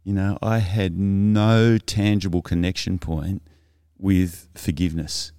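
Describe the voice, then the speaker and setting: A middle-aged man, a podcast guest telling his personal story in a reflective, halting way with many restarts. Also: low voice, fairly even intonation, dark tone, clean tone, dry recording, clean studio sound. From Australia.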